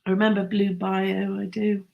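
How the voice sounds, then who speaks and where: A woman's voice: mid-range voice, completely flat delivery, normal speed, gravelly, darkish tone, lo-fi sound. Chatty woman, gushing. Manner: chatty, enthusiastic, laughs often. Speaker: host. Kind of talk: casual chat with live viewers.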